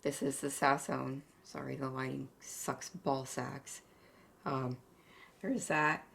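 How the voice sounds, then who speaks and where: Low-voiced woman rambling to her viewers. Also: level tone, slow, creaky, a bit bright. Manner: rambling, filler-heavy and emotional, addresses viewers as "you guys". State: short of breath. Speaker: home cooking channel host. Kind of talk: chatty cooking vlog. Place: home kitchen. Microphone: camera on a tripod. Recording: echoey room, mic at a distance.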